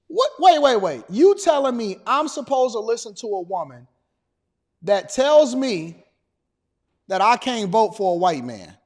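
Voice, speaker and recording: A man's voice: very high-pitched, sing-song, unhurried, darkish tone. A man giving heated political commentary, emphatic and hammering points by repeating them. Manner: emphatic, repeats phrases for force.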